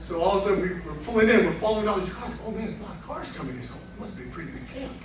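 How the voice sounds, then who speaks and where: A man telling a lively story at a reunion event, acting out the voices of the people in it and laughing along. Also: high voice, very fast, noisy background. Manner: animated, laughing storyteller who acts out quotes. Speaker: honoree giving a speech. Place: banquet room with crowd. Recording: roomy hall, far from the mic. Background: crowd murmur and laughter.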